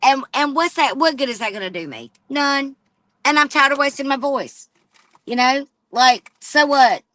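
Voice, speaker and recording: A woman's voice: high-pitched, expressive, moderate pace, bright, forceful tone, no room sound. A woman livestreaming an angry, profane rant straight at a rival. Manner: profane and confrontational, addressing a rival directly.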